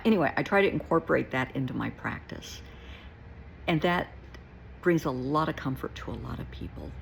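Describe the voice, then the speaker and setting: A woman's voice: deep voice, vocal fry, slight background noise, poor audio. An older woman therapist giving casual, plain-spoken spiritual advice in a folksy, reassuring way, calling the listener honey.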